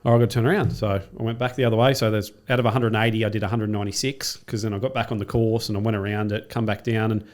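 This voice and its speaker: A man, a triathlete and coach, telling a race story in casual chat with lots of swearing and acted-out quotes. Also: lowish voice. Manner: rapid, profane, animated retelling with acted-out quotes. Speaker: podcast guest, triathlete and coach.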